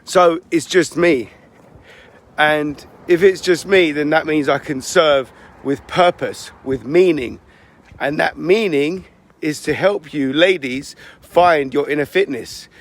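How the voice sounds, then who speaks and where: High-voiced man coaching in a loose monologue. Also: slow. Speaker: fitness and business coach. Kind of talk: casual monologue.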